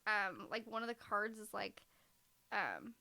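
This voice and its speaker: A woman co-hosting a podcast in casual chat, talking fast and loose with lots of "like" and frequent laughter. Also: medium pitch, big pitch swings, creaky, pushed and bright. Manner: chatty, heavy use of "like", laughs often. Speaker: podcast co-host.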